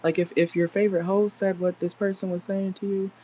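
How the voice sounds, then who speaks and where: A woman's voice: medium pitch, little pitch movement, a little fast, warm tone, slight background noise, poor audio. A woman doing a casual tarot reading in a car, chatty and blunt, swearing freely as she talks to viewers. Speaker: tarot reader.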